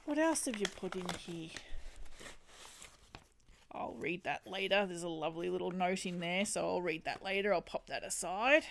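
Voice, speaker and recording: A woman hosting a crochet livestream, chatting casually and giggling often as she opens a parcel. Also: mid-range voice. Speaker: crochet channel host. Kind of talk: casual livestream chat, unboxing. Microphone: home streaming setup.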